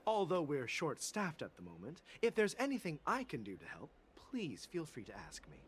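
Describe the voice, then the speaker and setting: A man's voice: on the high side, wildly swooping pitch, moderate pace, slight background noise. A man voicing a courteous, overworked commission officer in a video game. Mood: apologetic. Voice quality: courteous, helpful. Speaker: game character.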